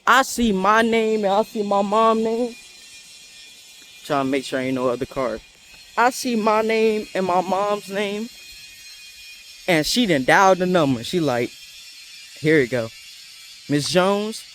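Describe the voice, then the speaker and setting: A man telling a school story in a casual storytime. He is animated and slangy and laughs often. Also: sits high, unhurried, pauses often, faint music behind. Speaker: storyteller vlogger.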